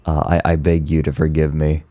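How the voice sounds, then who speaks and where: A man's voice: extremely low pitch, completely flat delivery, moderate pace, warm tone, no echo, dull audio. A male streamer chatting casually and sounding tired, rambling and stumbling over his words. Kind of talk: casual chat.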